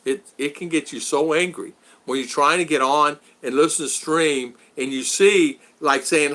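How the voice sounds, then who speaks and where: A man chatting casually on a livestream from outdoors, rambling and animated as he greets viewers by name. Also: on the high side, normal speed. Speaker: vlogger reading live chat. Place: outdoors in the Philippines.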